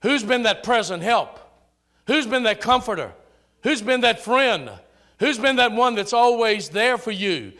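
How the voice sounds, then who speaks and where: A man's voice: very high-pitched, animated, unhurried. A man preaching a sermon in a church with a Southern American accent, rousing and calling out to the congregation. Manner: rousing preacher, rising to shouts on key lines. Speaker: pastor. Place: church sanctuary.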